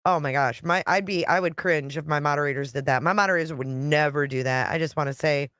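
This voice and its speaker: A woman's voice: deep voice, quick pace, fairly bright tone, dry recording, clean studio sound. A woman YouTube creator talking casually on a live stream, chatty and blunt, reading viewer comments and swearing now and then.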